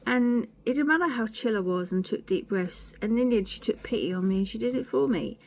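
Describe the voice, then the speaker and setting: Speaking in a fairly high pitch and at a fairly quick clip, this woman vlogger talks candidly to camera. The casual chat rambles, with plenty of swearing and self-deprecation.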